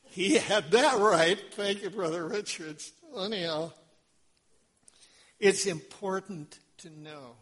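Slow, high-voiced preaching man. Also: breathy edge. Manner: animated storytelling, acts out voices, quizzes the congregation. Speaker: pastor. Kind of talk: sermon.

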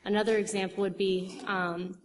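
Her voice is medium in pitch with a flat delivery at normal speed as this young woman tells a church audience about her witnessing. The testimony is chatty and rambling with frequent fillers and restarts, and there's long hall reverb with faint noise.

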